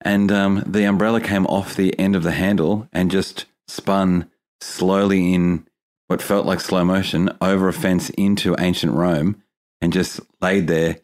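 An Australian man co-hosting a podcast, telling rambling stories in an excitable way. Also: low-pitched, a little slow. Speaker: podcast co-host. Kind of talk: casual chat.

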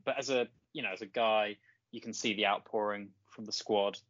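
A man's voice: fairly low pitch, fairly even intonation, fairly quick, fairly bright tone, no room sound, muffled recording. A man co-hosting a football podcast, talking casually with lots of fillers and restarts. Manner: chatty, many fillers and restarts. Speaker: podcast co-host.

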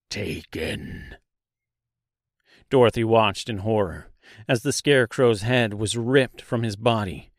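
Slow, measured male audiobook narrator. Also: mid-range voice, no room sound, studio quality. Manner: measured, unhurried storytelling. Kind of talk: dark fantasy audiobook narration.

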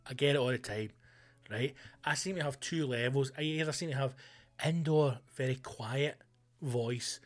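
A man with a Scottish accent hosting a comedy podcast, ranting loudly and swearing a lot. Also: medium pitch, measured pace. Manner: loud, sweary, animated ranting.

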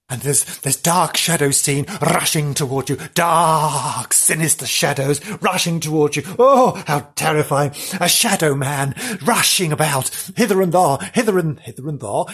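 A man's voice: fairly high pitch, animated, a little slow, a bit bright, breathy edge. A man hosting a comic podcast, telling spooky tales in a theatrical, teasing way with playful asides. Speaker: podcast host.

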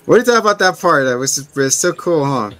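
A man's voice: fairly high pitch, sing-song, fast talker, fairly bright tone, dry recording. A man co-hosting a movie review podcast, casually retelling the plot and quoting the characters. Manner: retells the plot, slipping into quoted voices. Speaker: podcast co-host.

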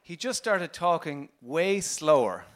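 On stage as a guest, this man, a comedian who also teaches meditation, shares playful stories in a Limerick Irish accent, tossing in fast impressions. He speaks in a slightly high, expressive voice.

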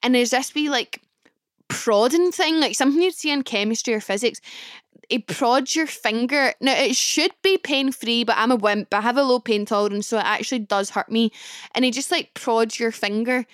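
A Scottish woman in her early twenties with a Glasgow accent, hosting a podcast and telling a personal story in a chatty, expressive way with comic exaggeration. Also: on the high side, moderate pace, clean tone, no echo, clean studio sound. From Scotland. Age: early 20s. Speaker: podcast host. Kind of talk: casual storytelling monologue.

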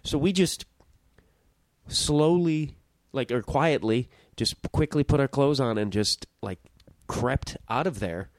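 A man's voice: mid-range voice, takes it slowly, no room sound. A young man hosting his own podcast, telling a story in a rambling, self-interrupting way and swearing casually. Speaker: podcast host.

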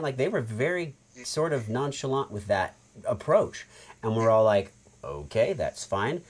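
A man with an American accent, a voice actor guest telling animated stories in a casual podcast chat. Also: lowish voice, moderate pace. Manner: animated storyteller, acts out quotes.

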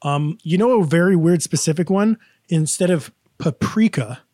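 A man from upstate New York co-hosting a podcast, animated and questioning in casual chat. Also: on the high side, moderate pace, no room sound, studio quality. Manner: animated, questioning, playfully indignant storyteller. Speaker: podcast co-host.

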